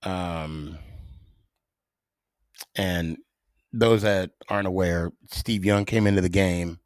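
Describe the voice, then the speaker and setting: Middle-aged male podcast host; lower voice, dramatic pauses, dry close mic. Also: no room sound. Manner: animated storyteller with dramatic pauses. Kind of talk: casual solo podcast storytelling.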